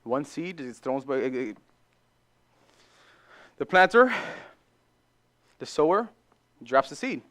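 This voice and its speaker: Male pastor, high voice, lively sermon delivery, acts out voices and repeats for emphasis. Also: slow pace, pauses often. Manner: animated preaching, acts out dialogue, repeats phrases for emphasis. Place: church.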